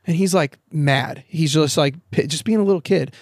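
Candid, casual, higher-voiced man. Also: normal speed, no echo, clean studio sound. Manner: candid, swears freely, storytelling with quoted dialogue. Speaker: podcast guest. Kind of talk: casual conversation. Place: outdoors in a backyard.

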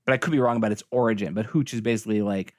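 A man's voice: fairly low pitch, very fast, dry recording, clean studio sound. A man co-hosting a podcast, rambling in casual movie chat with lots of "like" fillers. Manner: rambling, animated, many fillers. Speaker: podcast co-host.

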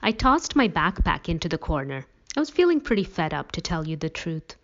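A woman's voice: sits low, very animated, brisk. Woman narrating a story, dull recording. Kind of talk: first-person story narration.

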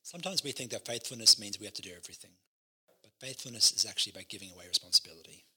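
A man who is a pastor co-hosting a leadership podcast, teaching with lively acted-out quotes. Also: on the low side, racing, breathy edge. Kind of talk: casual ministry podcast chat.

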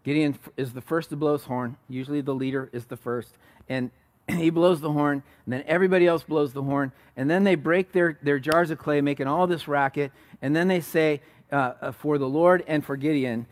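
Emphatic pastor preaching a sermon. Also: male voice, steady tone, fairly quick, dry recording. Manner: conversational, swings between loud emphatic peaks and soft low asides.

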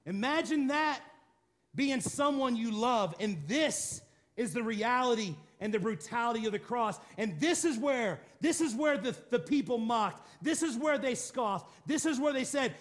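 High-voiced man preaching a dramatic sermon. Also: animated, a little slow. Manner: dramatic preaching, drops to quiet low tones for emphasis. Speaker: pastor.

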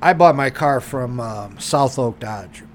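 In a medium-pitched voice and at a slow pace, a man telling a story on the podcast he co-hosts swears all the time. He keeps it animated and casual, acting out the lines other people said.

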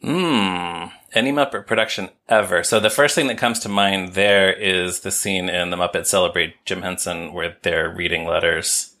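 A man's voice: deep voice, fairly even intonation, normal speed, hardly any pauses, pushed and bright. A man co-hosting a podcast, chatting casually and thinking aloud as he answers. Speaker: podcast co-host.

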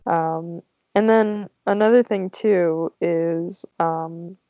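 A young woman chats on a movie podcast, giggly and peppering every sentence with "like". Her low voice carries heavy vocal fry. The sound is dry, close and muffled. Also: steady tone, very slow, warm tone, no echo. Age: young adult. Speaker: podcast co-host. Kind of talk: casual movie podcast chat.

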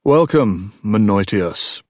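A man voicing a mild, guarded king who speaks in a cool, measured, unreadable way. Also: on the low side, animated, darkish tone, no echo, clean studio sound.

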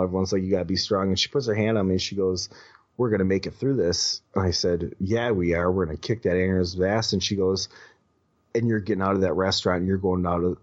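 On dull, lo-fi audio, a male podcast guest with a fairly deep voice recounts something from his own life. He keeps restarting his sentences and curses offhandedly.

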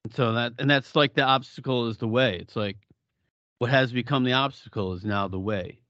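A man's voice: medium pitch, moderate pace, a bit bright, no echo, lo-fi sound. A middle-aged man co-hosting a podcast in casual chat, blunt and profane, often laughing. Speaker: podcast co-host.

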